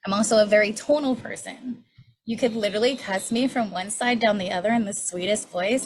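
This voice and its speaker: A woman's voice: mid-range voice, a little fast, a little hiss or hum. A woman in her forties teaching a healing class on triggers, candid and conversational, often checking in with a rhetorical "right?". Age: 40s. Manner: candid, conversational, self-disclosing. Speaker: class facilitator.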